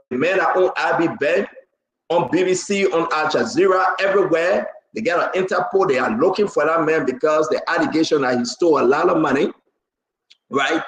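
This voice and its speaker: A man hosting a live political talk show, rambling and repetitive, now and then bursting into shouts. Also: on the high side, echoey room, low-quality recording.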